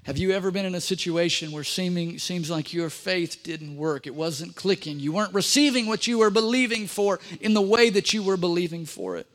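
A man's voice: sits high, fairly quick, few pauses. A man preaching a sermon as pastor, emphatic, repeating key phrases and speaking straight to the congregation.

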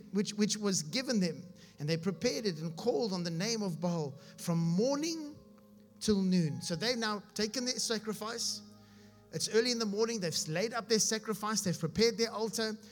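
High-voiced man preaching a sermon. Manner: reads scripture aloud and explains it with humor; asks his audience if they follow.

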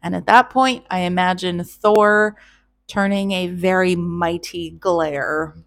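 A woman's voice: fairly low pitch, fairly even intonation, slow pace, gravelly, fairly bright tone. A woman hosting a casual, irreverent myth retelling, chatty and joking, with swearing and laughter. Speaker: storyteller host.

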